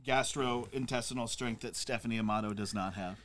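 A man's voice: medium pitch, a little fast, fairly bright tone. A man co-hosting a podcast, riffing with crude, irreverent jokes in a casual chat. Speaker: podcast co-host.

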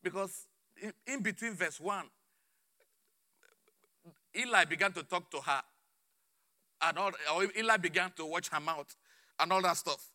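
Fervent high-voiced male preacher. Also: measured pace, long pauses. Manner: fervent, repeats phrases, swings between shouting and low murmurs. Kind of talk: sermon.

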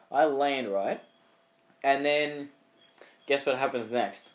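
A young Australian man co-hosts a podcast, spinning rambling stories in easygoing chat and putting on other people's voices. His pitch is medium and he takes his time.

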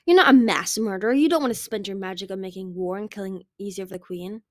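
A woman's voice: mid-range voice, fast, darkish tone, no room sound, studio quality, close to an everyday voice. A woman voicing an anxious young female dragon seer, speaking urgently and with worry.

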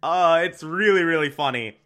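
A man's voice: fairly high pitch, moderate pace, sharp tone. A man casually recapping a TV episode, chatty, laughing often and swearing.

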